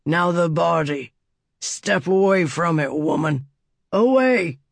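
A man doing a slurred, gravelly wounded bandit. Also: on the high side, expressive, takes it slowly, no echo, studio quality, full character voice. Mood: menacing. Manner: snarling and threatening. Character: wounded, desperate male bandit with a ruined face. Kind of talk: audiobook character voice.

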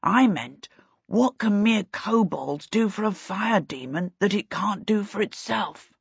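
A fussy kobold leader grumbles and frets in a low, serious tone, read by a woman. The voice is husky and a little breathy. The sound is dry and muffled. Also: expressive, measured pace, dry recording, heavily acted. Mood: grumbling. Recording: dull lo-fi recording.

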